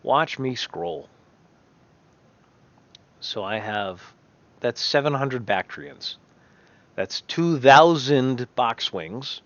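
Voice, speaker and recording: A man's voice: medium pitch, animated, very slow, pauses often, a bit bright, no room sound, lo-fi sound. A man giving casual, rambling game commentary, often correcting himself as he thinks aloud. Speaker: gameplay commentator.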